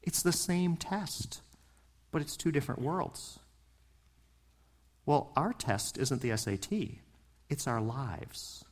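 A man's voice: mid-range voice, lively intonation, slow, pauses often. A man preaching a sermon in a passionate, conversational way, asking his listeners questions and building to emphatic points. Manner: passionate, rising and falling emphasis. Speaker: pastor.

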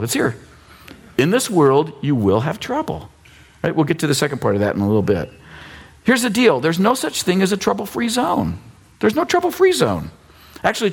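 A man in his fifties preaching a sermon as pastor, in a conversational, animated way with teasing asides. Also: a little high, breathy edge. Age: 50s.

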